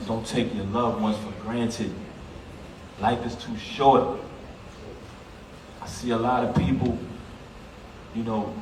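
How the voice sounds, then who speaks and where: A man's voice: fairly low pitch, a little mellow. A man giving a heartfelt eulogy at a funeral, speaking emphatically and conversationally, addressing the crowd directly. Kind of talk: heartfelt public eulogy speech. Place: funeral service hall. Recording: echoey hall, voice from a distance, background noise.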